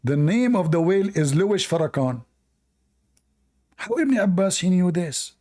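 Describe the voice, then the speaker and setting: A man's voice: high voice, big pitch swings, measured pace, warm tone. A man hosting a live call-in debate, mocking and scornful toward the caller. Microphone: online call.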